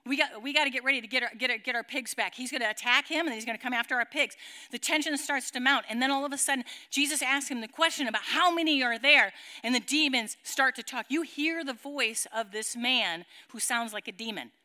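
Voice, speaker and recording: A woman with a high voice and a very bright, sharp tone leads a Bible study for a group. She tells the story dramatically, acts out its sound effects and keeps asking her listeners questions. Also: brisk. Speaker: Bible teacher. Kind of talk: animated Bible teaching to a group.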